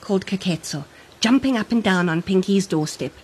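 A woman narrating a children's storybook in an expressive, animated read-aloud. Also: mid-range voice, moderate pace, slight background noise.

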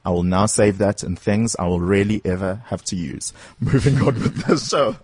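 A man's voice: on the low side, moderate pace, a little mellow, breathy edge, no echo. A male radio host interviewing a band in the studio, playful and theatrical, joking with his guests.

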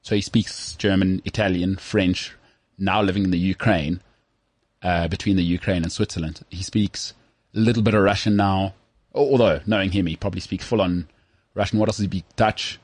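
Brief: South African man, low husky voice, lively banter, dry close mic. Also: moderate pace, dry recording. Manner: animated, jumps into mock voices. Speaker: podcast co-host. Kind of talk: casual chat.

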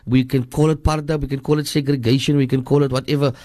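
Cape Town man, radio advice scholar, earnest and repetitive, middle pitch, dry studio mic. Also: little pitch movement, quick pace, warm tone, dry recording. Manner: earnest, repetitive, switches into Afrikaans. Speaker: radio guest scholar answering listener questions.

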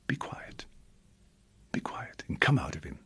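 A commanding man speaks in a near-whisper, stern but quiet, as a man retelling the story voices him. The breathy hush carries the authority rather than volume. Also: fairly low pitch, animated, normal speed, dry recording, pitched below the performer's own voice, full character voice. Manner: hushed whisper. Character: calm, commanding grown man giving a stern order.

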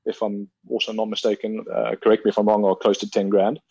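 A man in his thirties from South Africa, a hockey player being interviewed, talking in a measured, reflective way with many ums and restarts. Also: on the low side, level tone, gravelly, warm tone, slightly rough, no echo, lo-fi sound. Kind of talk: casual interview conversation.

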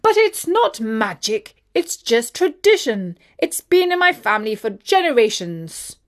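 A woman voicing a fussy, grumbling but kindly old king in a storybook reading, in a blustery, measured manner. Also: a little high, big pitch swings.

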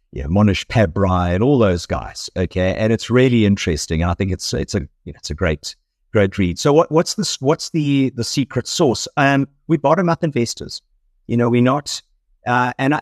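Middle-aged South African man, South African accent, fund manager guest, low-ish voice, rambling and chuckly. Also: dry recording, clean studio sound. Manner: rambling, self-correcting, laughs easily. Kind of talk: conversational interview.

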